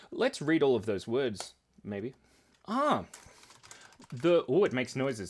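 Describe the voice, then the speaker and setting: A man's voice: mid-range voice, big pitch swings, slow pace, pauses often. Giggly, rambling man in his thirties. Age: 30s. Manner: rambling, giggly and playful, often laughing. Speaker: cartoonist streaming live and reading chat. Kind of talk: casual livestream chat.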